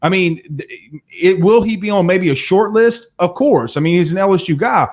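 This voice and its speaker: Hosting a live sports talk show at normal speed, this man has a high-pitched voice. He reads out comments from viewers and talks straight to them, pressing his arguments energetically through repetition.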